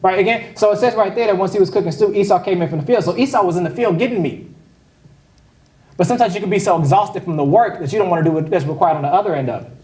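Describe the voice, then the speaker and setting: A man's voice: high-pitched, very fast, darkish tone, far from the mic. A man preaching a conversational sermon as pastor, speaking casually and making joking asides to the congregation. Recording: echoey hall, voice picked up from afar.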